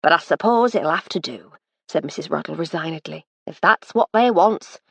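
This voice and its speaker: A woman's voice: deep voice, moderate pace, vocal fry, slightly rough, no echo, exaggerated voice. A woman voicing a motherly, bustling older cook who talks in folksy, ungrammatical working-class speech in an audiobook. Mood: fussing.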